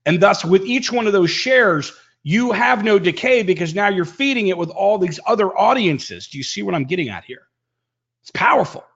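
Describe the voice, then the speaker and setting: A man teaching online marketing in a live webinar, energetic and emphatic, swinging his pitch and pace for effect. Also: muffled recording.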